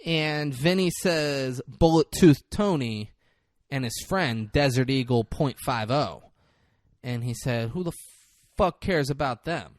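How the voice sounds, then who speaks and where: A man's voice: medium pitch, takes it slowly, no room sound, clean studio sound. A man co-hosting a podcast, recapping a film in casual chat and acting out the characters' lines with swearing. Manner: animated retelling with acted-out quotes, swearing. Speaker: podcast co-host.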